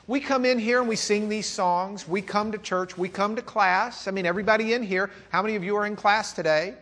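A man's voice: sits high, a little fast, few pauses. Texan man teaching a church class. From Lubbock, Texas. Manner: conversational, swings between loud questions and quiet musing. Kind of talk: classroom sermon lecture.

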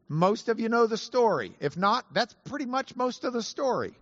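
A man teaching a Bible lesson to an audience, animated and playful, spelling out Hebrew words slowly. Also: very high-pitched, dry recording, muffled recording. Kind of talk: lively teaching talk to an audience.

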